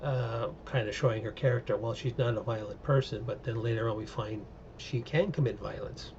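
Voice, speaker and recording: Gravelly, rambling man reviewing episodes. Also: medium pitch, brisk, darkish tone, dull audio, a little hiss or hum. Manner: rambling, opinionated, lots of fillers. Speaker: show reviewer. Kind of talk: casual recap and review.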